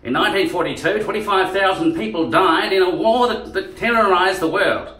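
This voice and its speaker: A man's voice: high voice, a little fast, sharp tone, pitched above the performer's own voice. A man doing an old-time newsreel announcer. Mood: announcing. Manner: clipped, declaiming wartime news style. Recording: roomy sound from a distance.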